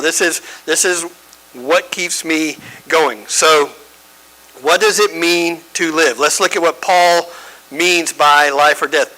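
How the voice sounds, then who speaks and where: A man's voice: on the high side, sharp tone, low-quality recording. A man teaching a church Bible study, conversational and emphatic, often checking in with his listeners.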